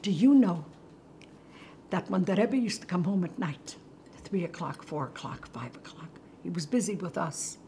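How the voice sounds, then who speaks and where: An older woman hosting from her kitchen, telling a story with animation and hushed near-whispers. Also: fairly low pitch, animated, normal speed, a little hiss or hum. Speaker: host. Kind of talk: storytelling talk to viewers. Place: home kitchen.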